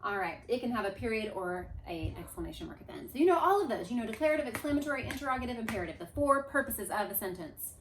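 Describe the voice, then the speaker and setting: A woman's voice: fairly high pitch, very fast, few pauses, background noise. A woman teacher leading a class through a grammar review in a classroom, coaxing answers and leading chants. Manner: lively, coaxing, leads chants. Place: classroom with a board. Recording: echoey room.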